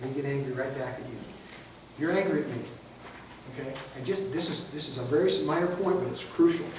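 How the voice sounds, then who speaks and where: Picked up from a distance in an echoey room with background noise, a mid-range male instructor gives a classroom lecture. He chats with his trainees, throws rhetorical questions at them, and plays out short street scenes in quoted voices.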